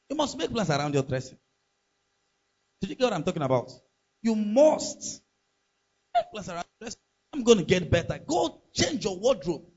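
A man preaching with a high, lively voice that swings widely as he presses his points. His tone is husky, and he keeps firing rhetorical questions at the congregation. The recording sounds muffled and lo-fi. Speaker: pastor. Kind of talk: sermon.

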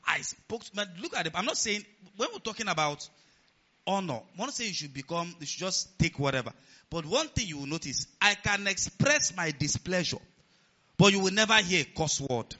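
A man preaching a sermon as pastor of a church, animated and rising to near-shouts. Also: sits high, moderate pace. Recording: dull lo-fi sound.

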